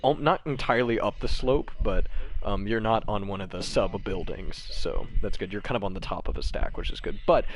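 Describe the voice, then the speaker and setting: A man's voice: lowish voice, brisk, few pauses, a little hiss or hum, poor audio. A man narrating as game master in a tabletop role-playing session, rambling with many fillers and restarts.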